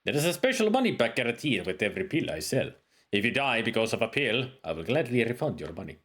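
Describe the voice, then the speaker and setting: A man voicing a smooth-talking male bazaar merchant in a game, with a heavy put-on foreign accent and salesman patter. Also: mid-range voice, sing-song, quick pace, a bit bright. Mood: wheedling.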